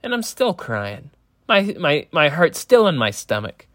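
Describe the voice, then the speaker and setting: A man telling a long stand-up story live at a library event, deadpan and meandering, peppered with profanity. His voice sits a touch high and sounds dry and close. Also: a little slow, no echo. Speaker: stand-up comedian.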